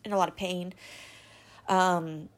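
A woman as an interview guest, telling a personal story in a halting, candid way, with many fillers and restarts. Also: lowish voice, steady tone. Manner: candid and emotional.

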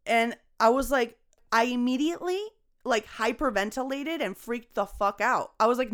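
A young adult woman, a comedian guesting on a podcast, talks casually in a rambling, expressive way, often swearing and laughing. Her voice is fairly high and smooth, at a moderate pace.

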